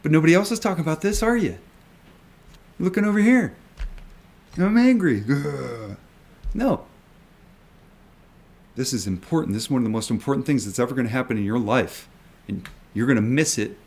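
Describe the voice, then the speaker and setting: Racing along in a medium-pitched voice with lively intonation, a retail investor rants at his video audience. He hammers his points, repeats himself and swears constantly.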